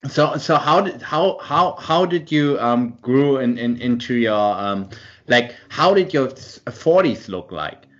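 A man's voice: mid-range voice, expressive, measured pace, a bit bright, lo-fi sound. A man hosting an interview, asking hesitant, stammering questions. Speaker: host.

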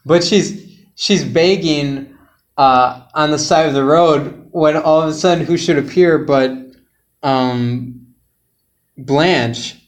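A man's voice: on the high side, slow. A man co-hosting a podcast, casually retelling a silly plot and laughing through his own jokes. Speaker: podcast co-host.

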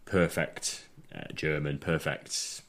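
A man's voice: a bass voice, steady tone, slow, creaky, a bit bright. An English man hosting a casual podcast chat in an attic room, rambling and joking as he repeats his words.

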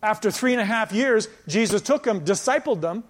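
A man preaching a sermon as pastor, emphatic, with passages that drop to a quiet, intense tone. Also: high-pitched, lively intonation, brisk. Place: church sanctuary. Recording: long church hall reverb.

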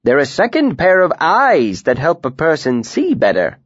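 A man's voice: on the high side, huge pitch swings, moderate pace, no room sound, pitched above the performer's own voice. A man voicing a fussy older male tinker who pleads and sighs reluctantly. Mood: pleading. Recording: dry, slightly muffled studio recording.

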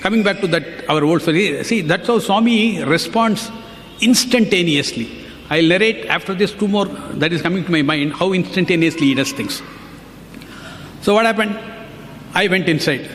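A man's voice: sits high, moderate pace, a bit bright, long reverb tail, slight background noise. A man giving an earnest devotional talk, telling anecdotes and quoting others as he goes. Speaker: devotional speaker.

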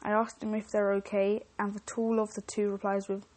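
A woman's voice: medium pitch, flat delivery, a little fast, a little mellow. A woman podcast host reading online stories aloud, with chatty, joking asides and frequent self-interruptions.

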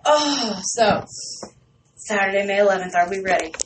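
Excitable rambling woman radio host. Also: mid-range voice, moderate pace, very noisy. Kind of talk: casual chat.

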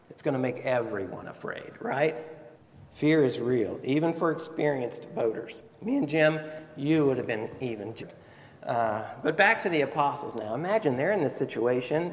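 A man's voice: on the high side, big-room sound. A male pastor preaching a Sunday sermon in a church sanctuary, telling a story and asking his listeners questions. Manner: storytelling, asks the audience questions.

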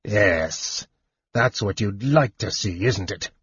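Low, husky, hissing villainous knight, read by a man, dull close recording. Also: takes it slowly, dry recording, heavily acted. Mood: gloating. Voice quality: soft, shaking, menacing. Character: bitter proud male knight lord, hateful. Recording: muffled lo-fi audiobook recording.

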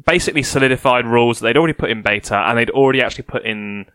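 A man co-hosting a casual hobby podcast, animated and teasing, explaining things at length. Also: mid-range voice, rapid-fire, smooth, dry recording. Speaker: podcast co-host.

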